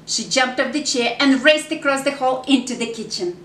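Woman children's story reader; high, slow, animated sing-song delivery; echoey room, faint noise. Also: recorded from a distance. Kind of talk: reading a picture book aloud to children.

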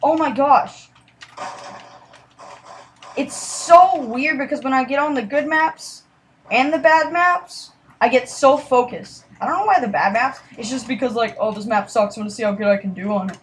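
A woman with a somewhat high voice talks casually over her gameplay. She rambles and apologizes, her words dropping to near mutters when she concentrates before jumping back up in sudden excited outbursts. A faint hiss of noise sits under the voice. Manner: rambling and apologetic, drops to quiet mutters while focused. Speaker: gaming commentator.

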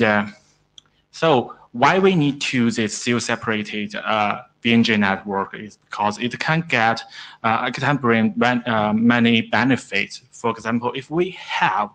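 A man, not an English speaker, giving a technical presentation at a standards meeting, with many pauses and restarts. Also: lowish voice, fairly bright tone, low-quality recording. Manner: halting, frequent "uh", broken grammar. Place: conference room.

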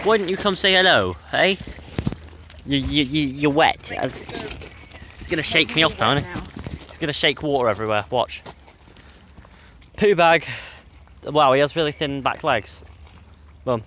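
A man's voice: mid-range voice, a little slow, long pauses, bright, forceful tone, slight background noise. A young man vlogging outdoors by a reservoir, chatting playfully and joking while he films his dog. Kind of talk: casual commentary while filming a dog.

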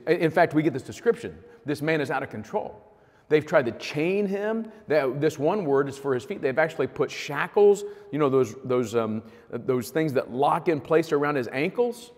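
A man's voice: on the high side, normal speed. A male pastor preaching a sermon in a conversational, storytelling way. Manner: conversational, vivid storytelling with fillers. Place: church hall. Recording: long hall reverb.

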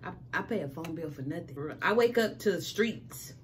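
A woman's voice: on the low side, lively intonation, normal speed, a little hiss or hum. A woman hosting a casual home vlog, talking in playful, slangy banter. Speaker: vlogger host. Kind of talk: casual chat.

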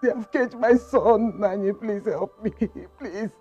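A woman's voice: medium pitch, unhurried, warm tone, lo-fi sound, faint music behind, natural voice. An actress with a Nigerian accent playing a distraught mother who begs a village priest for help in a tearful voice. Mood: begging. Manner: begging, tearful. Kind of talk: Nollywood village drama acting.

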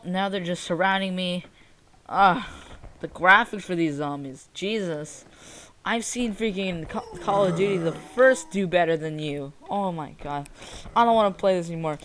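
A woman's voice: fairly low pitch, moderate pace, fairly bright tone. A young woman giving casual gameplay commentary while complaining about a shooter game, exasperated and sarcastic. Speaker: gaming youtuber.

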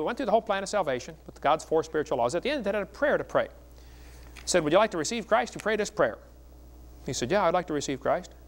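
Folksy preaching man, a bit high. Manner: folksy, joking, animated storytelling. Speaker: evangelist speaker. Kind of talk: seminar preaching with storytelling.

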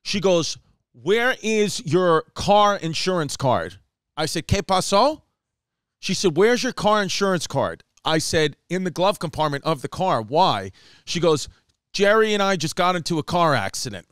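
A man tells a long comic story on his podcast, swearing and ranting with animated energy. His voice sits a little high and comes through smooth and clear. The close mic sounds dry, with no room around it. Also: a little slow, no room sound. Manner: animated, profane, slips into mock voices and Spanish phrases. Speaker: podcast host. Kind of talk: comedic storytelling.

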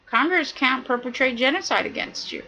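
A woman's voice: sits high, lively intonation, moderate pace, gravelly, sharp tone, poor audio. A woman giving an indignant, preachy monologue, hammering her points with repetition. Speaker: video commentator. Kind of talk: impassioned monologue.

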